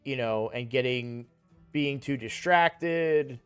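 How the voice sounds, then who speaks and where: A man's voice: mid-range voice, takes it slowly, smooth, soft background music. A young man casually telling a personal story while playing a game, rambling with lots of fillers and restarts. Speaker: gaming streamer.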